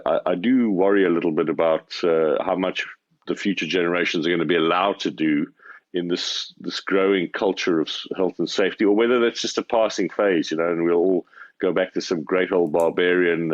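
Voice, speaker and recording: A very deep-voiced man gives a measured, thoughtful opinion as a radio football pundit. His voice comes through dull and lo-fi, dry, with no room sound. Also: fairly even intonation, dry recording. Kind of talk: radio panel discussion.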